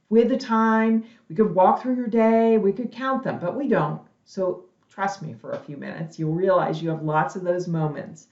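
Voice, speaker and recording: A middle-aged woman speaks to her audience in an emphatic, coaching way, as a motivational conference speaker. Her voice sits a little low. The recording is roomy and slightly dull, like a webinar capture. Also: moderate pace, hardly any pauses, a little mellow. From lives in Texas.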